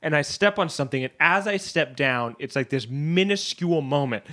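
A man co-hosting a podcast, telling a story in a lively, animated way with bursts of laughter. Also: on the high side, fairly quick. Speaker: podcast co-host. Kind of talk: casual chat.

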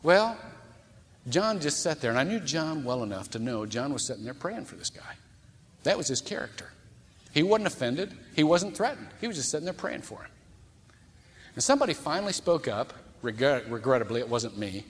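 A male pastor preaching a storytelling sermon in a conversational, folksy and animated manner. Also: mid-range voice, brisk. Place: church sanctuary. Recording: long church reverb.

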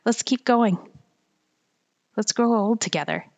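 A woman's voice: on the high side, lively intonation, a little slow, a little mellow. Laughing, rambling woman podcaster. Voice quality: self-described whiny voice. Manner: rambling, laughs often, many fillers. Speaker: writer hosting a podcast. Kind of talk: casual solo monologue.

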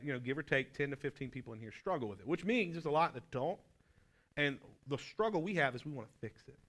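A man's voice: mid-range voice, a bit bright. A male pastor leading a conversational sermon with his wife, joking, self-deprecating and asking her questions. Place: church room with a group.

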